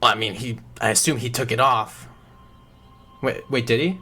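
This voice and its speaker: A man's voice: mid-range voice, normal speed, pushed and bright, husky, faint music behind. A man narrating a tabletop game as game master, laid-back and often laughing. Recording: construction noise in background.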